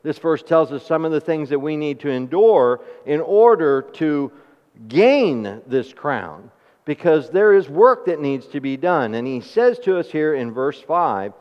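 A man preaching with lively call-and-response questions to his congregation, his fairly high voice ringing out in a long hall echo. The recording is a bit muffled and lacks crispness. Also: measured pace. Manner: animated call-and-response preaching with homely stories. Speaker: pastor. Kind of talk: sermon.

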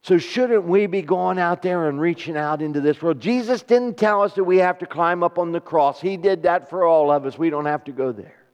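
A preacher with a fairly high voice delivers a sermon, talking with his congregation and asking them questions. He swings between emphatic peaks and soft, slow stretches. The recording is dull, with a long reverb from the church hall. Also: smooth. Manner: rising to emphatic, then drops to soft and slow; conversational, asks the congregation questions.

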